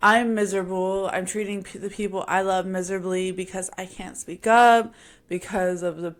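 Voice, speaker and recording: A woman vlogger talking openly about her own life in an emphatic, casual monologue. Her pitch sits in a middle range, and her delivery is slangy and confessional. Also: fairly even intonation, moderate pace. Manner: emphatic and confessional, sometimes laughing. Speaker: vlogger sharing a personal story. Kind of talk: candid personal monologue.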